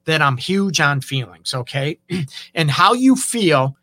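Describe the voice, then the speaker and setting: A man's voice: fairly high pitch, sing-song, slow pace, sharp tone, dry recording. A man hosting a relationship advice show as a counselor, talking casually and often checking in with "okay?" and "you know".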